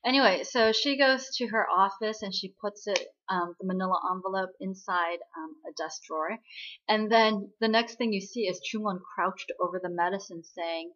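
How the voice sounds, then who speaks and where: Woman host, casual episode recap, chatty storyteller; mid pitch, slightly muffled recording. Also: normal speed, fairly bright tone. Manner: chatty, retelling scenes with frequent tag questions.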